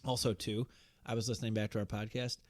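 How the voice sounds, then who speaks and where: A man's voice: fairly low pitch, level tone, fast. A man co-hosting a casual podcast, reading out his notes with fillers and the odd swear. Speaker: podcast co-host.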